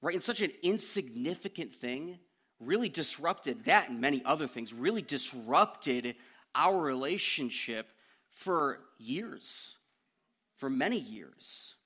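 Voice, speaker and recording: A young man preaching a sermon, telling a personal story in an animated way that climbs into loud outbursts. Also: medium pitch, takes it slowly, breathy edge.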